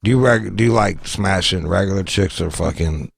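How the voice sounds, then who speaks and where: A man's voice: low-pitched, normal speed, gravelly, slightly rough, no room sound, soft background music. A man hosting a casual interview, crude and playful, laughing often. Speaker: host.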